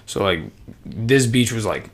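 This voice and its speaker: A young man telling a story in casual chat, slangy and profane, full of fillers and animated. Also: fairly low pitch, unhurried.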